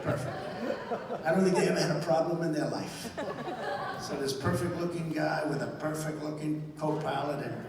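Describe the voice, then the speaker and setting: A man's voice: on the high side, recorded from a distance, noisy background. An older man giving a rambling rally speech, telling an anecdote with acted-out dialogue. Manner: digressive storytelling, acts out quoted dialogue. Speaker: political speaker at a rally. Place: large indoor event hall. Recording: echoey hall, voice from afar.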